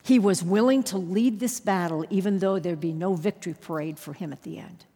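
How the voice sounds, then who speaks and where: A woman with a husky, slightly breathy voice preaches, shifting between quiet, measured points and bursts of emphasis. Her voice carries a long reverb, as if filling a large hall. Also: lowish voice. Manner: emphatic storytelling with sudden loud rises. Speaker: Bible teacher. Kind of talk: sermon with personal story.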